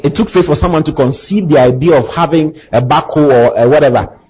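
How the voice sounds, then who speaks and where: A man's voice: a little high, a little fast, breathy edge, muffled recording. A male pastor preaching a sermon, asking the congregation to repeat after him and building to impassioned emphasis. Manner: call-and-response preaching, rising to impassioned emphasis.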